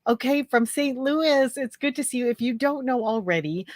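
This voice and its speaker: A woman's voice: sits high, expressive, moderate pace, dry recording, clean studio sound. Chatty woman with a phlegmy throat. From Canada. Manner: chatty, greets viewers by name. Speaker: livestream host. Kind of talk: casual live chat.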